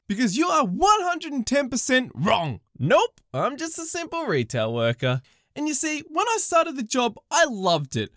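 A woman with an Australian accent narrating retail stories in an exaggerated, sarcastic, expressive way. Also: on the high side, no echo, clean studio sound. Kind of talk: animated story-time narration.

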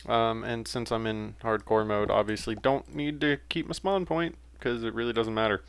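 A man's voice: on the low side, steady tone, normal speed, gravelly, clean tone, dry recording. A young man giving casual, rambling commentary while playing a game, with frequent fillers and self-corrections. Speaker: let's play gamer.

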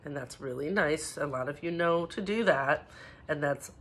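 A woman teaching preschoolers from home, talking gently and encouragingly and mixing in Spanish words. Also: low voice, normal speed, slightly rough. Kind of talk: home video lesson for young children.

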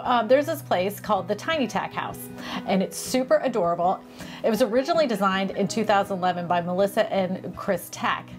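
A woman hosting a casual vlog, touring homes with gushing, enthusiastic commentary and frequent exclamations. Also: medium pitch. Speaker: vlog host. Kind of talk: casual home tour commentary.

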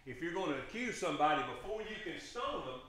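A preacher delivers an impassioned sermon in a high, bright voice. His pitch swings widely as he presses his congregation with emphatic questions. The sound rings through an echoey church sanctuary. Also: very animated, fast talker, a little hiss or hum.

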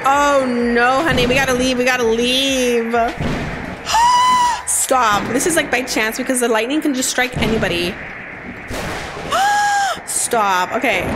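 A woman hosting a live gaming stream, bubbly, greeting and thanking her chat nonstop with excited gasps. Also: high voice. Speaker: live-stream gamer host.

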